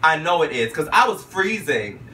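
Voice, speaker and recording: Flamboyant male vlogger, very animated sassy storyteller, bright voice, sits a bit off-mic with faint hum. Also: moderate pace, recorded from a distance. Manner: flamboyant, sassy, keeps adding "okay?" and "honey"; jumps into high squeals when quoting himself. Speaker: vlogger recounting a talk show visit.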